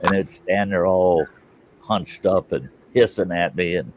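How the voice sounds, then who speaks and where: Casting: low-voiced man, casual rambling storyteller, salty and laughing, lo-fi recording. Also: a little slow. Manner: rambling, laughs a lot, folksy and profane. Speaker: host. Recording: dull lo-fi sound with faint hiss.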